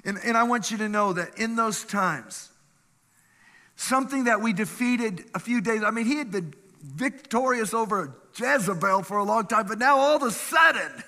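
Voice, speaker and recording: Animated preaching man, high bright voice. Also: normal speed. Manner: animated preaching, reads scripture aloud, asks the congregation questions, laughs often. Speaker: pastor. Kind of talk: sermon. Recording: long reverb of a hall.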